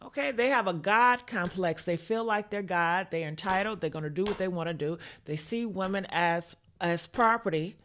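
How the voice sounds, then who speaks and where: A woman's voice: fairly low pitch, moderate pace, hardly any pauses, fairly bright tone, a little hiss or hum. A woman giving brash, profane livestream commentary, chatting with her viewers and teasing them by name.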